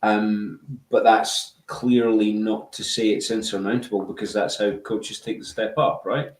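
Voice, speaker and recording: A man giving measured, analytical views as a podcast guest in casual chat. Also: lowish voice, steady tone, far from the mic. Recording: echoey room, away from the mic.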